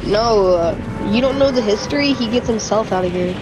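A woman's voice: on the high side, moderate pace. A young woman chatting playfully with teammates while gaming, often laughing. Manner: giggly, playful. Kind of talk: casual gaming chat. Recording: noisy background.

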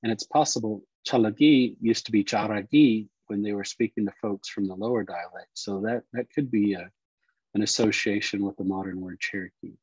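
A man teaching Cherokee words and culture, explaining slowly and repeating each word. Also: fairly low pitch, darkish tone, husky, no echo, lo-fi sound. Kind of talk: explanatory lesson talk.

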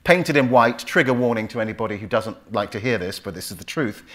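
This London-accented Englishman in his fifties is an author entertaining a club audience with stories, animatedly performing each character's voice in the dialogue. He speaks fairly quickly in a lowish voice, with few pauses.

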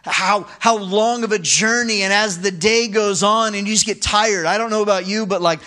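A man preaching a sermon as pastor, conversational and animated, with asides to the congregation. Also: high-pitched, moderate pace.

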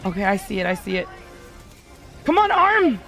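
Over soft background music, a woman with a mid-range, fairly bright voice talks at a moderate pace with big swings in pitch. She's a VTuber streaming a co-op game, giggling often while casually teasing her teammates.

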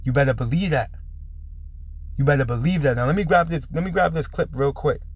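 Emphatic man preaching, slightly higher voice. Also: brisk, breathy edge. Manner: emphatic, repeats "man" at line ends. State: a little under the weather. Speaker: religious commentary host. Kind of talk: preaching video commentary.

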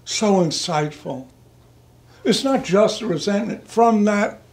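Older male priest, somewhat high voice, chatty sermon that wanders and turns to people in the pews. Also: animated, slow pace, darkish tone. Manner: chatty, digressive, addresses listeners by name, chuckles. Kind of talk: conversational sermon. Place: church.

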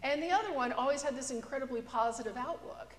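Woman pastor, relaxed conversational preacher, slightly high voice, echoey church recording. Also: quick pace. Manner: conversational, storytelling with a joke. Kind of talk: sermon. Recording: echoey church with long reverb.

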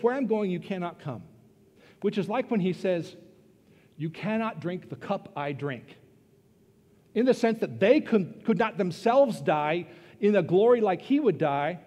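A man preaching a sermon as pastor, earnest and emphatic, pausing and then rising into bursts of stress. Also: high voice, darkish tone. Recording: long reverb of a church hall.

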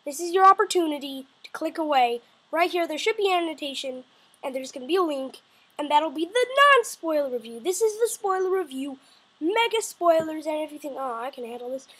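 This is a woman with a notably high voice giving a casual spoiler review straight to her viewers. She talks in an excitable, rambling way, stumbling through restarts and quick self-corrections as her thoughts run ahead of her. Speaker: video reviewer.

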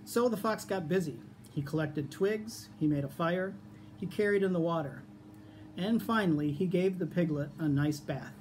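A man reading a children's picture book aloud as a teacher, in a lively, expressive storytelling manner. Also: a little high, moderate pace, a little hiss or hum.

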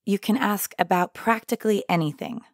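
A woman co-hosting a scripted language lesson, repeating phrases clearly for learners. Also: mid-range voice, a little fast, no room sound, clean studio sound.

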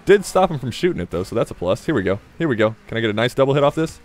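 Rambling jokey gamer man, lively pitch. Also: rapid-fire. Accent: slight Southern US. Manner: rambling, self-mocking, jokey asides with sudden excited yelps. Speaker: gaming YouTuber. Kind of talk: casual gameplay commentary.

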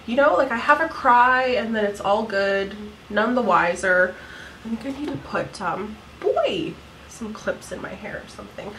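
A woman's voice: medium pitch, lively intonation, moderate pace, a bit bright, a little hiss or hum, rough recording. A woman in her thirties chatting through a makeup tutorial at home, giggly and full of "like" fillers. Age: 30s. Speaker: beauty vlogger. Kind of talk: casual makeup tutorial chat.

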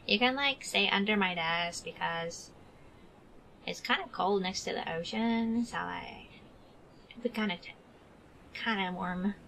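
A woman's voice: mid-range voice, unhurried, long pauses, bright, forceful tone, a little hiss or hum. A woman streamer in a playful role-play chat, putting on valley girl talk and cooing over her dog.

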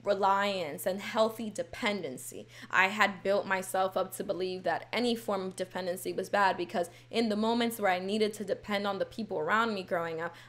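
A young woman vlogging in a candid, rambling way, full of "like" fillers and quick self-mocking laughs. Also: medium pitch, fairly bright tone. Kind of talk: casual confessional talk to camera.

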